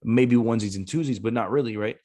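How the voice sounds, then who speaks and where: A man's voice: medium pitch, fast, a little mellow. A man, a Marine gunnery sergeant and former recruiter, talking casually on a podcast, blunt and cursing freely as he acts out the voices in his stories.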